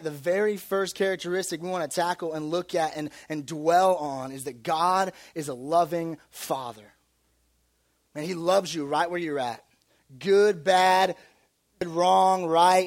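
A young adult man preaching a sermon as pastor, with lively, conversational storytelling and humor. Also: high voice, unhurried.

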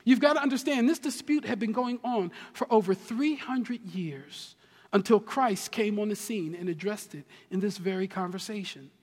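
High-voiced preacher in a reverberant hall. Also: male voice, moderate pace. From New Jersey, USA. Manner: animated preaching with big swings between loud and hushed; humorous asides. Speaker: pastor. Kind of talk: sermon. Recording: long reverb of a large hall.

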